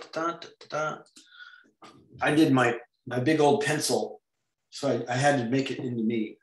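A man's voice: mid-range voice, reverberant. Playful man teaching a comics class. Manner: playful, making silly sound effects while drawing. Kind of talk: online drawing lesson.

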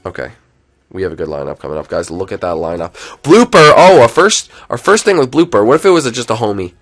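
A young man commentating his own live video game stream, chatty and excitable, swinging from loud outbursts to low muttering. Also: fast talker, soft background music.

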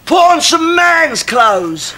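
A dim-witted, cheerful pub regular who blurts out excited nonsense. His voice is very high and bouncy. Loud noise rides underneath it. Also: takes it slowly, exaggerated voice. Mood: coaxing. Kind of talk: sitcom acting.

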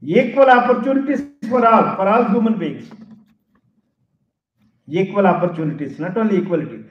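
A man's voice: high-pitched, expressive, normal speed, roomy sound, muffled recording. A man giving a lecture as a professor, speaking emphatically and repeating key phrases for stress. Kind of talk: public lecture.

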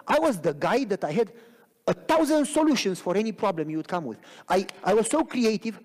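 Animated preaching man in a reverberant church. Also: high-pitched, fairly quick. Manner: animated preaching with frequent rhetorical questions. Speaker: pastor. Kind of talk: sermon. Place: church sanctuary.

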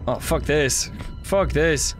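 A man streamer giving casual commentary while playing a horror game, excitable, swearing often and chatting with his viewers. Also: a little high, takes it slowly, music in the background.

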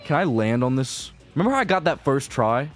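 A man's voice: mid-range voice, very animated, brisk. A young man giving casual, profane gameplay commentary as a video creator, rambling and frustrated, dropping to mutters and then bursting out. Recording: faint game music behind.

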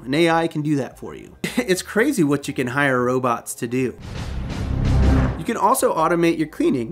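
A man talking casually to camera in an explainer video, chatty and jokey with self-mocking asides. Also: fairly high pitch. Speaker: short-term rental host and video creator.

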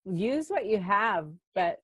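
Woman, mid pitch, dry close sound; chatty anecdote teller. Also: takes it slowly, husky, dry recording. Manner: lively storyteller, fillers like "like". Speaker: class participant. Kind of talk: casual anecdote.

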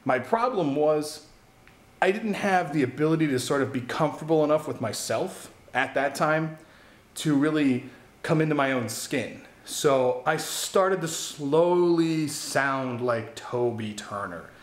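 A man's voice: fairly high pitch, a little slow, reverberant. A man who makes gaming videos, talking casually and candidly to camera in a rambling vlog, swearing now and then. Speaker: gaming YouTuber.

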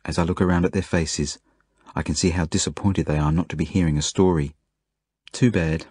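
Male audiobook narrator, low and husky, earnest first-person telling. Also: steady tone, brisk, darkish tone, dry recording, clean studio sound.

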